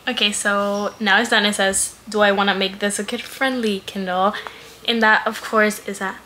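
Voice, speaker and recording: Gushing young woman, bright voice. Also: mid-range voice, level tone, normal speed, a little hiss or hum. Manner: gushing, giggly, says "oh my god" often. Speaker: vlogger. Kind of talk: casual unboxing vlog.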